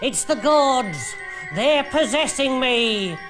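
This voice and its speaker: A man's voice: extremely high pitch, animated, slow, over loud music, pitched above the performer's own voice, full character voice. A grasping old farmer with a quivery voice snaps his lines in a told story, put on by a male storyteller. He sounds mean and twitchy, and he rises into a warbling, faraway drawl when he acts possessed. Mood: grumpy, scheming. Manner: snappish and grasping. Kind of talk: storybook character voice.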